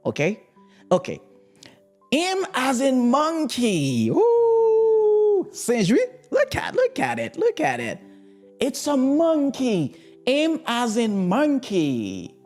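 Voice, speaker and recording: Slow Haitian-accented woman teaching letters. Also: lowish voice. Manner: slow, repeats words, switches between English, French and Creole. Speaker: language teacher. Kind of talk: alphabet lesson for learners.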